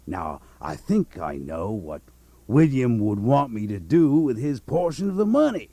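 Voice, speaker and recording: A man's voice: mid-range voice, big pitch swings, unhurried, warm tone, no echo. An actor playing an old male swindler, who fakes grief in a theatrical, preaching manner in a radio drama. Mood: unctuous. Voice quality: pompous, theatrical preaching delivery. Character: old male swindler posing as a grieving English brother.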